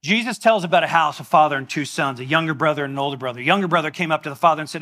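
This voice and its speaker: A man preaching a sermon in a church, animated and exclamatory in a conversational way. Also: a little high, rapid-fire, few pauses. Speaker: pastor.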